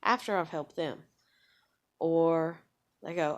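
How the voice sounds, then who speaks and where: A woman's voice: sits low, steady tone, unhurried. A woman in her thirties venting in a rambling, casual monologue, frustrated and swearing often. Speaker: vlogger.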